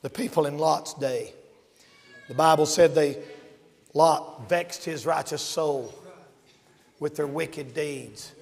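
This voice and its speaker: A man preaches a revival sermon in a high, ringing voice. He shouts his warnings, then drops to a hushed tone to tell his stories. The sound carries a long reverb, like a large church hall. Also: slow, vocal fry, pauses often. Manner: swings from shouting to hushed storytelling.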